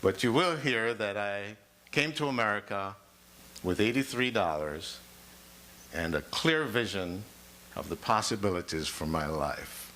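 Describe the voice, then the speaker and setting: Bright-voiced man giving a rousing campaign speech. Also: lowish voice, unhurried. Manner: rousing, repeating phrases with rising emphasis. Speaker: mayoral candidate. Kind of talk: debate opening statement. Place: public forum hall.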